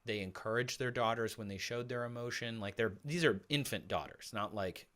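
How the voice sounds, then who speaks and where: Chatty American man, bright voice. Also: medium pitch, moderate pace. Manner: talkative, lots of "like" and restarts. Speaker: podcast guest. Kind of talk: casual conversation.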